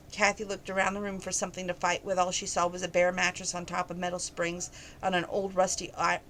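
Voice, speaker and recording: A woman's voice: on the low side, fairly bright tone, slight background noise, low-quality recording. A woman reading a novel aloud, with frequent stumbles and self-corrections. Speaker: reader of a novel.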